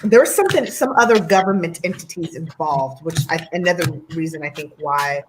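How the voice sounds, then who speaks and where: An American woman chatting casually as co-host, her voice sitting a little low as she rambles with plenty of ums and side remarks. A faint hiss runs under the recording. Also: brisk. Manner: chatty, many ums,喜 tangents. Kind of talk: casual chat.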